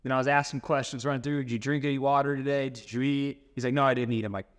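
A man telling a story in a relaxed interview. He talks casually and swears now and then. When he acts out what people said, his voice jumps up in pitch. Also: fast. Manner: animated storyteller, acts out quotes. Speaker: personal trainer.

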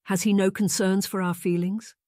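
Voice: medium pitch, flat delivery, moderate pace, a little mellow, no room sound, voice pushed up, lightly acted. A narrator playing a timid young lady who is easily hurt, in a plaintive, slightly raised voice. It sounds close and dry, read as an audiobook character.

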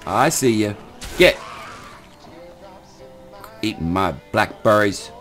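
A man's voice: fairly low pitch, lively intonation, slow, a bit bright, faint music behind. An older man, giving folksy, rambling casual commentary while playing a game, often repeating words. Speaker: gaming channel host.

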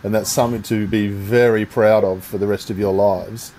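Aussie host guy, kinda low voice, joking and upbeat, bit of noise behind. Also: steady tone, moderate pace, mellow, poor audio. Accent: Australian. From Australia. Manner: jokey and encouraging. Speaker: interview host. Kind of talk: casual interview chat.

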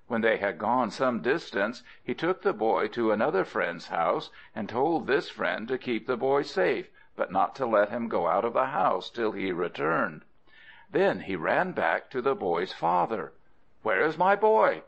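A man narrating folk tales for an audiobook, expressive and adding playful asides to the listener. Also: on the low side, a little slow, creaky. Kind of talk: storybook narration. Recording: dull lo-fi audio.

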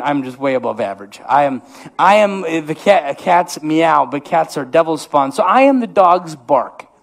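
Guy w/ a midwest accent preaching, kinda high voice, goofy self-mocking, keeps restarting sentences. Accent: Upper Midwest American. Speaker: pastor. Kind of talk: comedic sermon. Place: church sanctuary.

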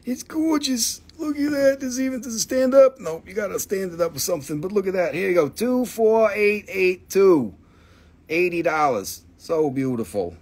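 A male host selling minerals on a live stream. He is excitable and playful and reels off prices and stock numbers. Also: sits high, normal speed. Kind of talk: live sales stream, casual chat.

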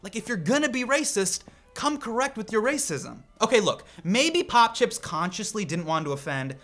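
Male comedy host, high and lively, bright tone, profane indignant rant to camera. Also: moderate pace, soft background music. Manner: animated, profane, indignant ranting.

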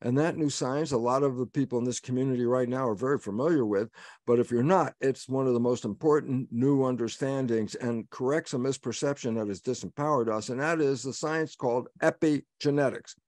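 A man's voice: mid-range voice, brisk, a little mellow, no room sound, studio quality. A man giving an emphatic webinar talk, lecturing and answering his own rhetorical questions. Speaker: guest speaker.

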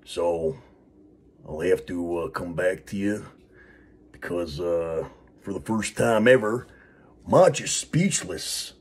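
Low-voiced man rambling casually. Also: slow, pauses often. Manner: rambling, filler-heavy, laid-back. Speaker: wrestling show host. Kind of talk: casual vlog.

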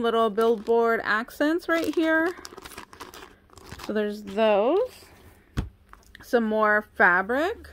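A woman's voice: on the high side, fairly bright tone, a little hiss or hum. A young woman chatting casually as she unboxes craft supplies, cooing over each item. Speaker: craft vlogger.

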